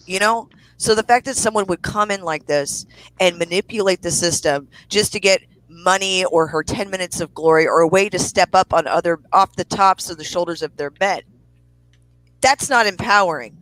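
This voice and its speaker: A woman's voice: lowish voice, a bit bright, dry recording, poor audio. A woman co-hosting a podcast, ranting angrily with lots of swearing. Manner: profane, heated ranting. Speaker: co-host. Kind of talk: angry podcast rant.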